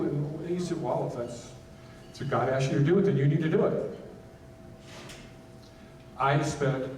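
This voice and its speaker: A man giving a personal testimony as a keynote speech at a gala, earnest and halting, with many restarts and fillers. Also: darkish tone, distant mic. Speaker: nonprofit founder giving a keynote. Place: banquet hall at a gala. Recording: roomy hall sound from off mic, faint rumble.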